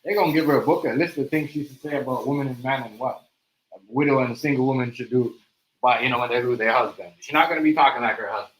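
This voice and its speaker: A man's voice: mid-range voice, quick pace, a bit bright. A man hosting a live stream, talking loosely and repeating himself while he speaks straight to his viewers. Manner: loose, repetitive, talks to viewers directly. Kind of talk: casual livestream commentary. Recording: echoey room, far from the mic, faint noise.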